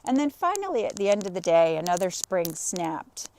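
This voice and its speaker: A woman life coach on a live stream, telling an animated personal story and greeting viewers by name. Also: on the low side, moderate pace, slight background noise. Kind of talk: live-streamed motivational talk.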